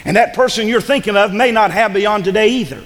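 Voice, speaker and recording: Pastor guy preaching in a church, high pitched, lots of repeating himself, big reverb. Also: a little fast, a bit bright. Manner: preachy, repeats phrases for emphasis, builds to urgent crescendos. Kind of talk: sermon.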